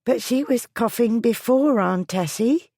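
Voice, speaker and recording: A woman reading an audiobook voices a frightened young schoolgirl, pitched high, breathless and close to tears. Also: a little slow, dark tone, no room sound. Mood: anxious. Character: frightened young orphan schoolgirl, tearful and pleading. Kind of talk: audiobook character voice.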